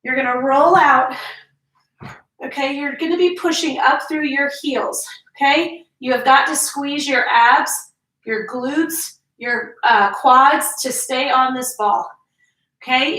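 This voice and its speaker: A middle-aged fitness instructor leads a workout, counting reps and coaching form while out of breath and sighing between sets. Her voice sits high, pushed and bright, picked up by a distant mic in an echoey room.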